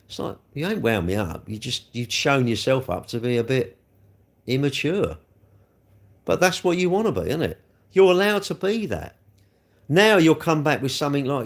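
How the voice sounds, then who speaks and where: A man with a mid-range, very animated voice chats on a live stream at normal speed, rambling as he answers comments. When trolls show up, he scolds them with growing heat.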